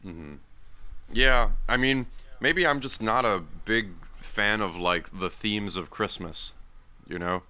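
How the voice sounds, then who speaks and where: A man's voice: lowish voice, slow pace, sharp tone. A man co-hosting a casual podcast, answering in a dry, skeptical, hesitant way. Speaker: podcast co-host. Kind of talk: casual film podcast chat.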